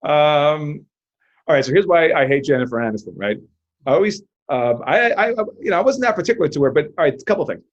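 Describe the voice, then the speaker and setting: A man, a magician, talking in a lively podcast interview, with loud bursts of enthusiasm and frequent laughter. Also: fairly high pitch, fairly quick, dull audio. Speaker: magician guest.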